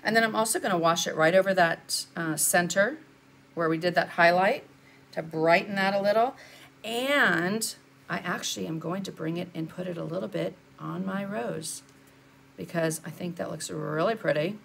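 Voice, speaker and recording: A woman's voice: fairly low pitch, normal speed, vocal fry, fairly bright tone. An older woman, chatting through a live painting lesson and answering viewers as she works. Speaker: art instructor.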